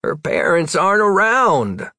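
A man reads a sulky young wizard in a storybook, defensive and grumbling. The voice has a gravelly grain, recorded close and dry. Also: on the high side, wildly swooping pitch, a little slow, pushed and bright, no room sound, pitched above the performer's own voice, full character voice.

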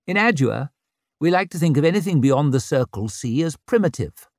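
A man's voice: on the high side, animated, moderate pace, dry recording, clean studio sound, pitched above the performer's own voice. A man voicing a bitter, maimed young noble who sneers and snaps. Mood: sneering. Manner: sneering, snapping.

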